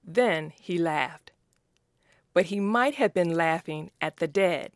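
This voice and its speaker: A woman with a fairly low voice reads a story at a very slow, deliberate pace. The recording is close and dry, with no room sound. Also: no echo. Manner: slow, even, careful. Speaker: narrator. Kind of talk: slow story reading for learners.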